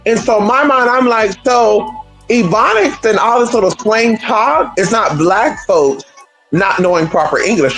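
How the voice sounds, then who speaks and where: In a mid-range voice on a rough recording, a livestream host rants at viewers, animated and rhetorical, firing off one question after another and swearing freely.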